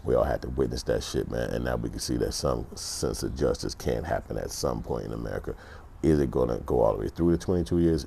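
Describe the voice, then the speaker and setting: Deep gravelly dude vlogging, blunt and cussing a lot, faint noise behind. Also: male voice, dark tone. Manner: profane, blunt, acts out other people's voices. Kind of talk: casual storytelling commentary.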